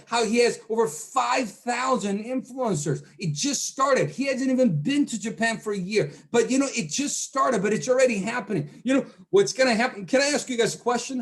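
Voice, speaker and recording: A man giving a motivational training talk over a video call, often repeating words and quizzing his audience. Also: very high-pitched. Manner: doubles words, asks the audience questions.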